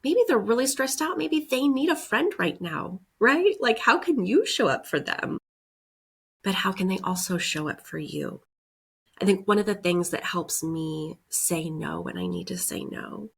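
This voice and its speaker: A woman's voice: mid-range voice, very animated, a little slow, husky. A woman hosting a podcast, congested from a head cold and breathing audibly, speaking earnestly in a reflective self-help monologue. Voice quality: breathes audibly with heavy sighs. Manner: earnest, encouraging, often adds "right?" and "like". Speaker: podcast host.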